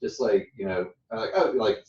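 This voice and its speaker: A man's voice: on the low side, moderate pace. A man with a Southern US accent, casually coaching phone sales scripts and acting out sample greetings. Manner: relaxed, chatty, demonstrates phone lines in a put-on voice. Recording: dull roomy sound from a distance.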